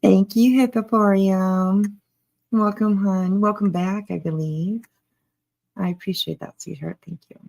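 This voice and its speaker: Creaky-voiced sarcastic woman. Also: medium pitch, steady tone, unhurried, darkish tone. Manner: sarcastic, chatty, greets viewers. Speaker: commentary streamer. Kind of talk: casual live commentary.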